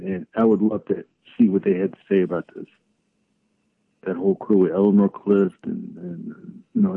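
A man's voice: medium pitch, gravelly, breathy edge, dry recording. A middle-aged man co-hosting a political talk show, rambling and searching for words as he talks. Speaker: co-host. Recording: tinny phone-line audio.

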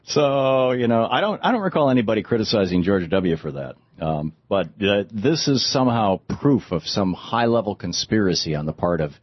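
A man's voice: on the low side, lively intonation, normal speed, hardly any pauses, husky, dull audio. A man hosting a talk show, chatting about politics in a rambling, conversational way with many fillers and restarts. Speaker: talk radio host. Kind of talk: casual political commentary.

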